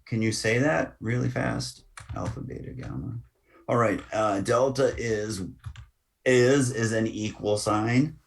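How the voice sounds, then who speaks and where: A man giving a screen-recorded software lesson as the instructor, talking through each click with casual asides. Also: mid-range voice.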